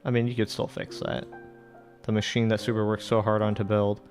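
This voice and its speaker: A man's voice: lowish voice, little pitch movement, fairly quick, darkish tone, faint music behind. A man casually reading and translating a visual novel aloud, with swearing asides. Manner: casual, swearing asides between read lines. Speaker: let's play narrator.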